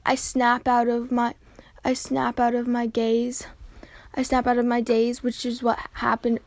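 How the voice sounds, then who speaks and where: A woman with a high voice reads a homemade story aloud, stumbling and restarting often. The recording is close and dry, with no room sound. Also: monotone, dry recording. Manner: halting reading with frequent slips and restarts. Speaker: reader.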